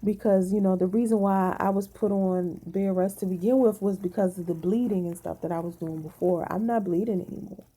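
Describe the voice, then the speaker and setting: A woman's voice: on the low side, dark tone, breathy edge. A woman vlogger venting to her viewers in casual talk, blunt and emphatic, swearing freely, sounding tired.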